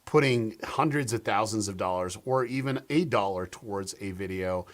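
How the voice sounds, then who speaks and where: A YouTube strategist joins a live stream as a guest over a video call, telling animated stories packed with fillers and restarts. His voice sits on the low side, and he speaks at a moderate pace.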